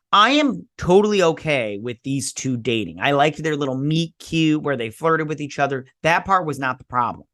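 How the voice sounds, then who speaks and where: A man's voice: on the high side, pushed and bright, no echo, clean studio sound. A man hosting a casual review vlog, blunt, sarcastic and dismissive in tone. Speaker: host.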